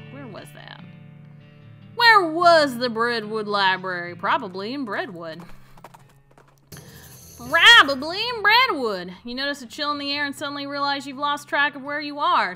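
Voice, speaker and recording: A woman's voice: medium pitch, bright, forceful tone. A woman streamer playing a comedy western game, reading the text aloud with playful, amused asides.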